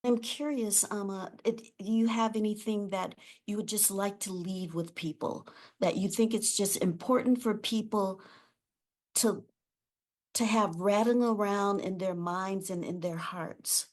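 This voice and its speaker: A woman hosts a podcast and puts a question to her guest in a mid-pitched voice. She speaks in a measured, curious way, slowing down as she finishes. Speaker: podcast host. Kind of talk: interview questioning.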